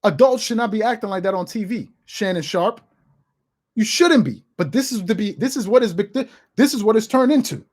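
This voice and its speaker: Thirty-something sports host, forceful and repetitive, ranting opinion piece to camera. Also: medium pitch, lively intonation, brisk. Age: 30s. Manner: emphatic and repetitive, hammering points home.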